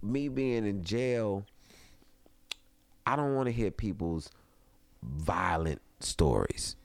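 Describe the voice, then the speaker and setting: A man telling a funny story in casual chat, animated and laughing often, acting out other people's voices. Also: lowish voice, slow, gravelly, no room sound. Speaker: comedian guest. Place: home studio.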